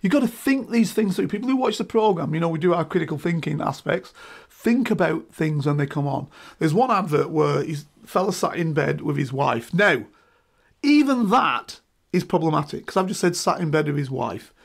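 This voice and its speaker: A middle-aged man, talking in an emphatic, animated way and checking in with "right?" as a guest in a casual discussion. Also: a little high, normal speed, gravelly.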